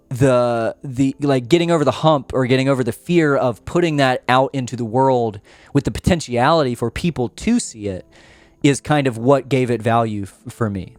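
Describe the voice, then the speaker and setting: A man hosting his own show, talking in a loose, rambling way and restarting his sentences often. He sounds earnest and unpolished, and his voice sits at an ordinary middle pitch. The sound is dry and close, with no room echo. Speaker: podcast host. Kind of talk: casual rambling monologue.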